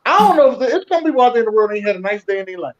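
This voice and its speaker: A man ranting on a casual podcast, his voice slightly high. The sound is dull and lo-fi. He swears and jokes his way through the complaints. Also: very animated, very fast. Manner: profane, ranting, joking. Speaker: podcast co-host. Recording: dull lo-fi audio.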